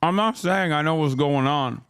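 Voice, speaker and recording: A man's voice: a little high, moderate pace, fairly bright tone, smooth. A male livestream host giving combative, sarcastic and profane reaction commentary.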